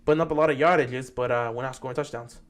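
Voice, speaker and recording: A man's voice: medium pitch, steady tone, quick pace. A man hosting a live-stream football talk show, greeting viewers and arguing his points animatedly.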